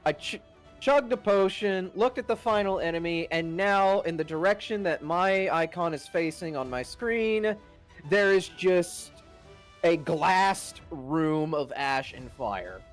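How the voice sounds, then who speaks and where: Woman, player, casual recap, lively swinging pitch, soft music behind. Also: slow. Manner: animated, laughing, swearing storyteller. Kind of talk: casual recap of a game session. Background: faint background music.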